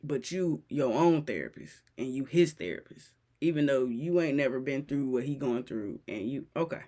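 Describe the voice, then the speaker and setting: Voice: medium pitch, animated, normal speed, mellow. Profane, exasperated reaction host. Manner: profane, exasperated, repeats clip lines aloud; mocking impressions of people in the clip. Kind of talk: casual reaction commentary.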